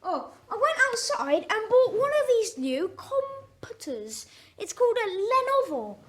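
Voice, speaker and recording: A teenage actress in a school play, playing a flustered, hard-of-hearing old woman who fusses and shouts at a video call. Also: extremely high pitch, sing-song, a little slow, full character voice. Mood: bewildered. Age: teens.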